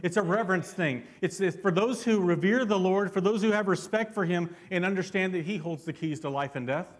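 A man's voice: sits high, brisk. A man preaching a sermon as pastor, fervent and constantly asking his congregation questions.

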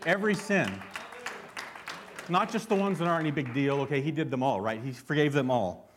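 A man's voice: on the high side, a little fast, a faint crowd, slight background noise. A man preaching a sermon as pastor, fervent and constantly asking his congregation questions.

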